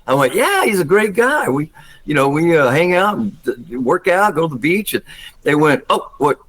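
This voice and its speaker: An older man from Georgia with a Southern accent, telling stories as a guest, acting out quotes with big jumps in pitch and laughing often. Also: normal speed, a bit bright, rough recording. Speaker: guest actor. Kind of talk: casual storytelling interview.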